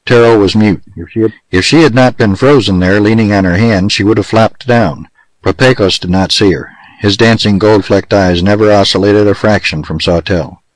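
Low-voiced man narrating a western. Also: normal speed, dry recording, poor audio. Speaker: audiobook narrator.

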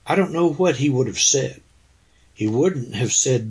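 A man's voice: medium pitch, lively intonation, unhurried, darkish tone, slightly rough. A man, an actor being interviewed, reflecting in an earnest, anecdotal way and quoting conversations. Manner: earnest, anecdotal, quotes people in dialogue. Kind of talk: reflective storytelling.

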